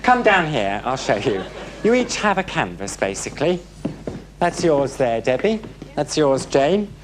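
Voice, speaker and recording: A man's voice: fairly high pitch, very animated, measured pace, background noise. A man hosting a TV game show, camp and arch, full of teasing quips. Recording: TV studio with audience and music.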